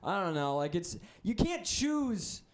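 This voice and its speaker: A young man from the Midwest doing a stand-up comedy set, rambling and self-deprecating with crude deadpan asides. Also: high voice, measured pace. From American Midwest (Wisconsin).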